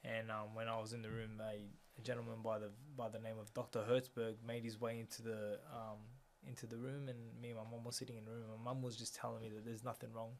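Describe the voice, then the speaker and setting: Earnest man, flat delivery. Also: lowish voice, quick pace, creaky, few pauses, slight background noise. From Australia. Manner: earnest, retells scenes by quoting dialogue, many fillers. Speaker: interview guest, boxer. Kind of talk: personal storytelling in an interview.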